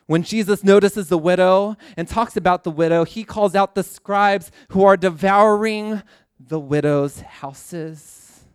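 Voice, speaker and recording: A man's voice: sits high, a little slow, clean tone, dry recording, studio quality. A man preaching a sermon, impassioned, building his points through repeated refrains. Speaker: pastor.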